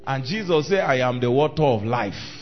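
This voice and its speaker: A man's voice: medium pitch, animated, moderate pace. A man preaching a sermon, repeating phrases for emphasis and asking the congregation questions. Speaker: pastor. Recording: dull lo-fi recording with faint music.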